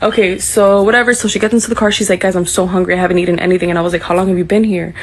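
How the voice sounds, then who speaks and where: A woman's voice: lowish voice, fairly even intonation, rapid-fire. Rambling young woman telling a story. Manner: rambling, filler-heavy, breathless retelling. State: pregnant, short of breath. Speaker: eyewitness telling her story. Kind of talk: casual storytelling.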